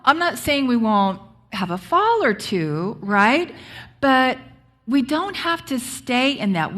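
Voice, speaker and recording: A woman's voice: medium pitch, a bit bright. A woman pastor giving a conversational sermon, often checking in with her congregation. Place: church sanctuary.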